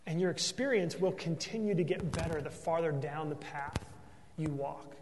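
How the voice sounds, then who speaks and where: A man's voice: fairly high pitch, normal speed, darkish tone, long reverb tail, a little hiss or hum. A man preaching a sermon as pastor, earnest and emphatic, often tossing in a questioning "right?" to the congregation.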